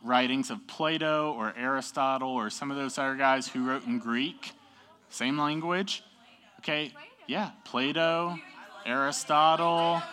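A young man teaching a class in a casual, upbeat way, often checking in with the group. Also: a little high. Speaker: youth teacher.

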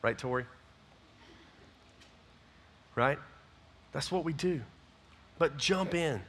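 A man, a youth pastor giving a folksy, energetic closing talk to his youth group. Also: on the high side, takes it slowly.

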